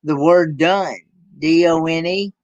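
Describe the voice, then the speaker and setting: Southern man, slow and halting, casual chat, dry close sound. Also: a little high, dry recording, lo-fi sound. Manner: halting, restarts often. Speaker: YouTube channel host.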